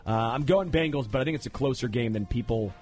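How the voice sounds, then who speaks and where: A man hosting a sports talk show, making picks and teasing his co-hosts with animated, excitable banter. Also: mid-range voice, fast talker, soft background music.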